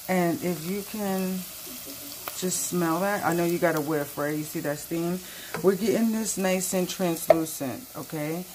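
Sassy woman hosting a slow cooking demo. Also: fairly low pitch, darkish tone, a little hiss or hum, poor audio. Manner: playful, sassy, talks straight to viewers. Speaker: cooking channel host. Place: home kitchen.

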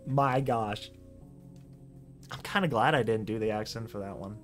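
A reader casually reacting to and reading out a slideshow comic, full of excited exclamations. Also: mid-range voice, normal speed, pauses often, soft background music.

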